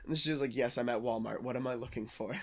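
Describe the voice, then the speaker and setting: A man's voice: medium pitch, fairly even intonation, fast talker, a crowd in the background. A young man hosting a let's play, rambling and swearing in casual chat and laughing at his own jokes.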